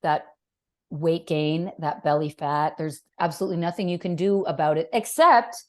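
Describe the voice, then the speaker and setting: A woman's voice: deep voice, moderate pace. A woman in her fifties, a fitness professional, talking animatedly and bluntly as a podcast guest. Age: 50s. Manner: animated, emphatic, blunt with swearing. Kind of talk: casual interview chat.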